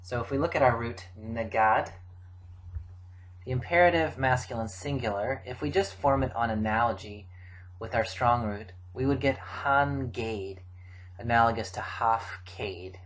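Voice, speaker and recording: Middle-aged guy teaching grammar, steady mid-pitch voice, measured, lots of uhs. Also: poor audio. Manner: measured, explanatory, with frequent uh fillers. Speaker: Biblical Hebrew teacher. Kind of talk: recorded grammar lecture.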